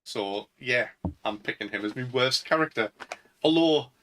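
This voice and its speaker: A man's voice: medium pitch, moderate pace, fairly bright tone, slight background noise, rough recording. A young man with a Northern English accent, co-hosting a casual podcast chat and rambling with lots of fillers. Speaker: podcast co-host.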